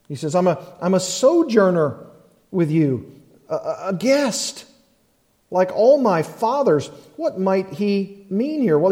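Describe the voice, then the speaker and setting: Slow, mellow-voiced man preaching in a hall. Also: a little high. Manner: slow, emphatic preaching with repeated phrases. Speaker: pastor. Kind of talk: sermon.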